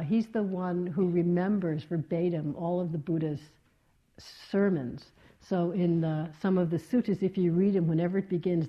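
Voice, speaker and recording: Low-voiced woman giving a gentle meditation talk. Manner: gentle, reflective, with many soft fillers. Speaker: meditation teacher. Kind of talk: dharma talk. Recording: slightly dull lo-fi talk recording.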